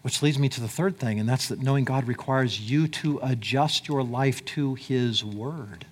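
A man preaching a sermon in a conversational way, swinging between loud emphatic lines and quiet low ones. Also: normal speed, husky. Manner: conversational, with fillers like "like" and "right?". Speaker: pastor.

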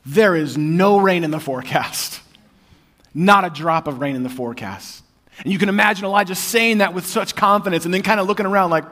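A male pastor preaching a sermon in a church in a conversational, humorous way that often drops to a hushed intensity. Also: high-pitched, brisk.

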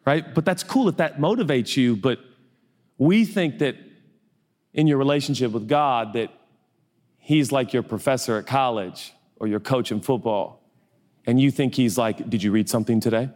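A pastor from the US Northwest preaches a sermon in a loose, joking, conversational way, acting out little dialogues. His mid-range voice is unhurried with a darkish tone. The recording carries the long reverb of a large hall.

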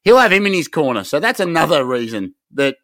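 An Australian podcast co-host launches into rowdy, sweary, excitable rants in hyped casual chat. His voice is on the high side and fairly quick, captured as a dry, clean studio recording.

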